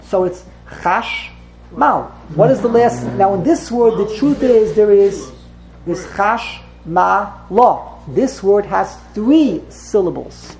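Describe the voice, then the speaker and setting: A woman's voice: medium pitch, lively intonation, measured pace, warm tone, poor audio. Patient woman teaching a text class. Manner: explains patiently, repeats and corrects herself. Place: classroom with students.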